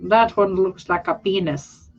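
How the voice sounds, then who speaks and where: A young woman, a vlogger and artist, chats casually to her viewers while working on a drawing, rambling candidly, poking fun at herself, and restarting her sentences with a slightly teary sound. Her middling-pitched voice is a little slow with a breathy edge, and the lo-fi audio is slightly muffled, with soft music behind.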